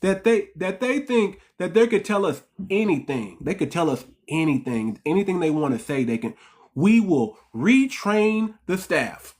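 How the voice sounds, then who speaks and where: A channel host in an impassioned commentary monologue, with a voice of middling pitch. The delivery is heated and repetitive, full of emphatic restarts. The host keeps putting rhetorical questions to the viewers and calls them family. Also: lively intonation, moderate pace, few pauses, darkish tone.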